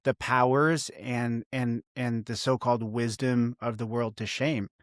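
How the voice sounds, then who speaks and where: A man's voice: mid-range voice, little pitch movement, measured pace, no echo, studio quality. A Canadian man hosting a podcast, friendly and chatty, laughing easily with his guest. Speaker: podcast host. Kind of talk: conversational podcast interview.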